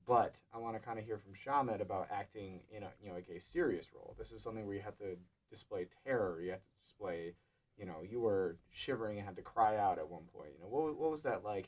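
A young man who produces a student show, talking casually in a relaxed, rambling way with many fillers. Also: sits low. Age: young adult. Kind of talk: casual panel chat.

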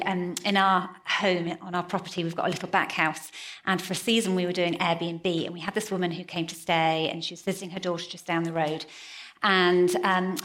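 A woman's voice: lowish voice, fairly bright tone. A woman preaching a sermon in a conversational way, telling stories. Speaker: pastor. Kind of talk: sermon with storytelling.

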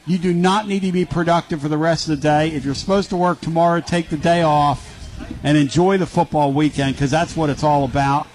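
A man from Philadelphia hosting a sports talk radio show, excitable and quick to hype up his guests. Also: on the high side, poor audio.

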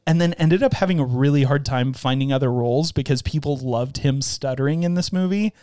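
A man's voice: medium pitch, a little fast, dark tone, clean tone, no room sound, studio quality. A man co-hosting a podcast, chatting casually about movies and laughing often. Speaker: podcast co-host. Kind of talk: casual movie-discussion chat.

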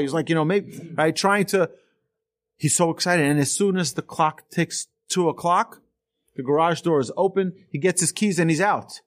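Animated man telling a sermon story. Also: on the high side, a little fast, dry recording. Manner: animated storyteller, acts out voices. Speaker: Torah teacher.

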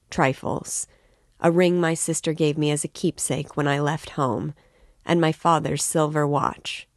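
A woman's voice: sits low, no echo, clean studio sound. A woman reading the part of a troubled, insistent young man in a novel.

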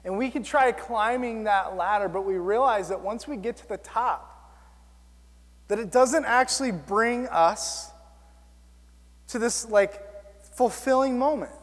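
A male pastor preaching a sermon, telling stories in an animated, self-mocking way. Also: high-pitched, measured pace, pauses often, big-room sound.

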